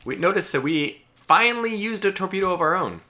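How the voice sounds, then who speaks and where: Excitable male streamer with a bright voice. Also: high-pitched, fairly quick, slight background noise. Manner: excitable, chatty, talks to his ships aloud. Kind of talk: live gameplay commentary.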